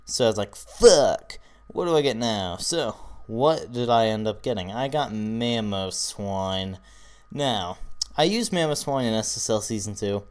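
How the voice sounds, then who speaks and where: A man's voice: fairly low pitch, animated, normal speed, smooth. A tired young man talking casually through his team picks, rambling, swearing often and yawning. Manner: casual and profane, rambling with fillers. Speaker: YouTuber doing a draft analysis. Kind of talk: casual commentary.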